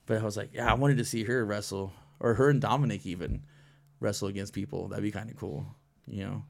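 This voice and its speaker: A man hosting a casual chat about wrestling, animated, laughing often and swearing a lot. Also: on the low side, a little fast, gravelly. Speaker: podcast host.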